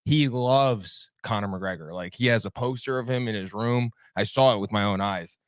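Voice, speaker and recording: A man's voice: on the low side, normal speed, clean tone, dry recording, studio quality. A man hosting a sports talk show in a casual, rambling way, cracking sarcastic jokes between fillers. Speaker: podcast host. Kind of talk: casual chat.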